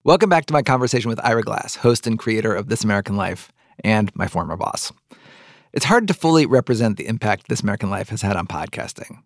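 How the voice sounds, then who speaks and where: A man's voice: fairly low pitch, animated, fast, no echo. A middle-aged man hosting a podcast interview, rambling with many likes and restarts. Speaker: podcast host. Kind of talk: conversational interview.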